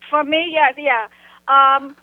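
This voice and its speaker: Female phone guest, high voice, thin phone sound, blunt and halting. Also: steady tone, no room sound. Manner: blunt, halting, full of "you know" and "like". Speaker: guest recounting an encounter. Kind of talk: casual phone interview. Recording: tinny phone line.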